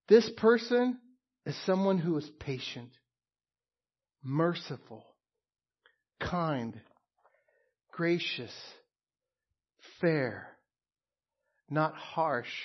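A man delivering a sermon, speaking slowly and deliberately with a somewhat high voice. His tone is slightly husky, and he leans on repeated phrases for emphasis. The recording sounds a little dull and lo-fi. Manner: earnest, emphatic preaching with pauses and repeated phrases. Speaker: pastor.

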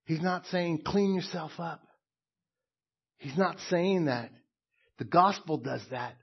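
Slow, husky-voiced man preaching a sermon. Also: fairly high pitch, muffled recording. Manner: slow, emphatic preaching with soft, hushed stretches. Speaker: pastor.

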